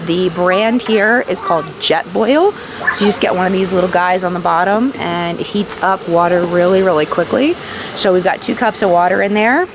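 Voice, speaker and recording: Brief: woman, lowish voice, upbeat explainer, clear outdoor noise behind. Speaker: family camper cooking dinner. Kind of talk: casual vlog demonstration. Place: campsite outdoors.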